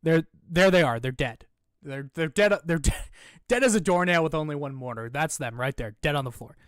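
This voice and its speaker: A young man streaming casually, rambling and putting himself down, turning loud and animated when he rants. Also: on the high side, moderate pace, clean tone, no room sound, clean studio sound. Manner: rambling, self-deprecating, gets loud and animated when ranting. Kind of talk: casual chat.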